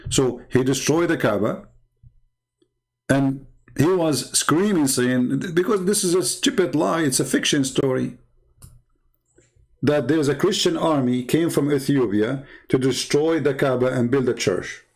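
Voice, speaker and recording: A man's voice: medium pitch, a little slow, a little mellow. A man hosting a show, talking in a mocking, sarcastic monologue full of heated rhetorical questions. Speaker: show host. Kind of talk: monologue commentary.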